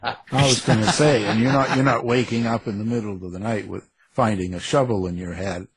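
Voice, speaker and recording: Interviewer dude, low gravelly voice, slow and jokey. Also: male voice, steady tone. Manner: jokey and laughing easily. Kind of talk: interview conversation.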